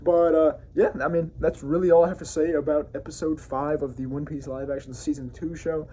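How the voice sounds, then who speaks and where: A man's voice: a little high, level tone, brisk, warm tone, a little hiss or hum. A man hosting his own review show, giving a loose, casual recap of an episode with frequent self-corrections and enthusiastic asides.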